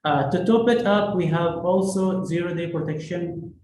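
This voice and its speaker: A man presents at a conference, reading off services one after another with many fillers. His voice sits a bit high with a mellow, dark tone. The sound is roomy, with faint noise behind. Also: moderate pace. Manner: list-like, with frequent fillers. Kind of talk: business presentation. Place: conference hall. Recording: echoey room, faint noise.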